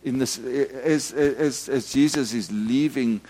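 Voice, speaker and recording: A middle-aged Methodist minister, giving a storytelling sermon full of restarts and acted-out shouts. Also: male voice, mid-range voice, slow pace, slightly rough. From South Africa.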